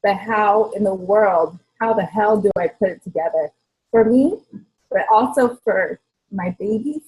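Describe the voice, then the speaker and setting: A woman on a team call sharing her own story, earnest and halting, with many ums. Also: medium pitch, a little mellow, poor audio. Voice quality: husky. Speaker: team member on a coaching call. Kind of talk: personal testimony on a group call.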